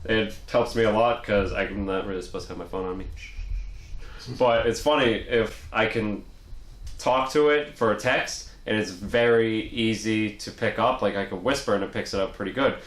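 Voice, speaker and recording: Young male podcast co-host, low voice, cursing, lively storyteller, echoey room. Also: normal speed. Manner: profane, animated storyteller. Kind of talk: casual chat.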